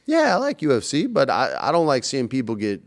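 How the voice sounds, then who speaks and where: A man in his forties, a guest in a casual interview, telling animated stories and acting out the people in them. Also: medium pitch, fairly quick, creaky. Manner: animated storyteller, acts out quoted voices.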